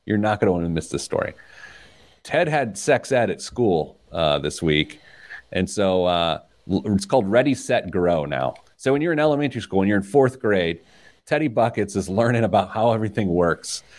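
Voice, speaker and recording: A man hosting a podcast, chatting casually and telling playful, rambling stories. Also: moderate pace. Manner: playful, rambling storyteller with lively pitch swings. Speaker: podcast host. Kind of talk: casual chat.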